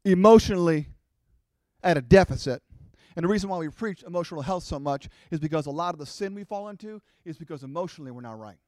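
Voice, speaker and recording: A middle-aged man preaching a sermon to his congregation, animated and acting out the voices of his listeners. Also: a little high, very fast, few pauses, no room sound, studio quality. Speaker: pastor.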